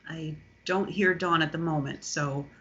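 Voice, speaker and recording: A woman's voice: low voice, fairly even intonation, unhurried, fairly bright tone. A woman chairing a remote public board meeting, polite and procedural with frequent ums. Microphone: video call. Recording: lo-fi video call audio.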